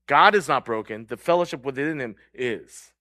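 A man preaching a sermon in an earnest way, moving between loud stressed words and hushed low lines, and often asking his listeners "right?". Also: animated, normal speed, no room sound, clean studio sound. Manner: checks in with the crowd by asking "right?". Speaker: pastor.

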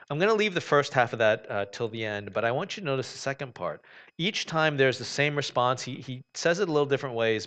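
A man delivers a sermon in a relaxed, conversational way, like he's talking with the congregation. His voice sits at a middle pitch and moves between soft, low stretches and firmer, emphatic lines. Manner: conversational preaching, swings from quiet to emphatic. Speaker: pastor.

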